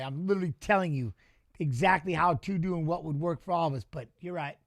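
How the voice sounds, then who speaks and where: Middle-aged man, high voice, loose animated storyteller, dry studio sound, casual swearing host. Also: quick pace, no echo. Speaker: watch-along host and former fighter. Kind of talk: casual chat reading live chat.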